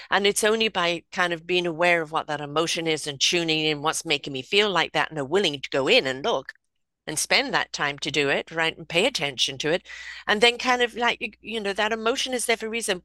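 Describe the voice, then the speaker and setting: A woman's voice: lowish voice, sharp tone, no room sound. A woman in casual conversation, talking in a reflective way and often acting out inner voices. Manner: reflective, uses pastry metaphors and acted inner voices.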